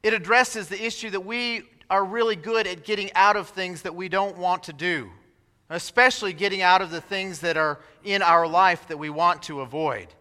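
High, bright-voiced preacher in a reverberant hall. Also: male voice, moderate pace, smooth. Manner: animated storyteller acting out quoted voices. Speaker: pastor. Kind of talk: sermon storytelling.

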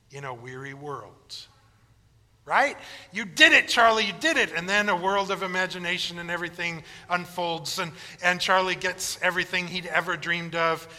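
A man's voice: sits high, pushed and bright, in a large hall. A male pastor preaching a sermon in a casual, storytelling way with informal asides.

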